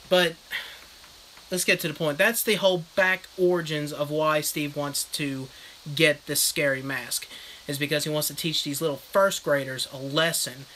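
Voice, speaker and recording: A man's voice: on the high side, steady tone, moderate pace, bright, forceful tone, slight background noise, low-quality recording. A man casually recapping a book in a comic, rambling, crude manner as a live streaming reviewer.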